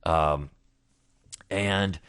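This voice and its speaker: A man's voice: low voice, very slow, fairly bright tone, smooth, no room sound, clean studio sound. A man hosting a weekly review show, talking in a loose, rambling way with many restarts and fillers. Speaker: podcast host. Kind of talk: casual spoken commentary.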